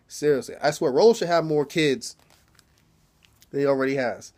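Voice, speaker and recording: A man's voice: on the high side, sing-song, measured pace, pauses often, darkish tone. A man recapping a TV episode in a casual, rambling, slangy way, swearing and laughing as he goes. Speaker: TV episode reviewer.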